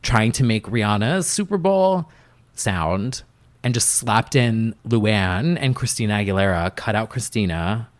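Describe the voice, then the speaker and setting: A man's voice: lowish voice, expressive, measured pace. Chatty young man telling stories. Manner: chatty, filler-heavy storytelling with many "like"s. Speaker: podcast guest, music producer. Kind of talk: casual interview chat.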